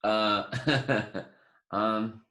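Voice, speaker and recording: A man's voice: fairly low pitch, fairly even intonation, drawn-out words, pushed and bright. A man in his forties, a guest actor telling a long story in an interview, restarting sentences and acting out what people said. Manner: rambling, restarts often, acts out quoted dialogue.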